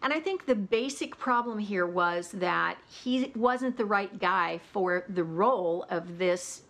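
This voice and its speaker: A woman's voice: mid-range voice, expressive, slow, a bit bright. A woman hosting her own vlog, chatting casually about audiobooks with lots of "you know" asides. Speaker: audiobook reviewer.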